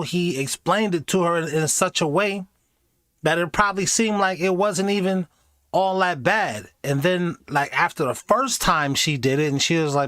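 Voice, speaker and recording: A man's voice: a little high, no echo, clean studio sound. A man hosting a reaction video, talking casually and jokingly, slipping into mocking voices. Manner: animated, jokey, does mocking voices.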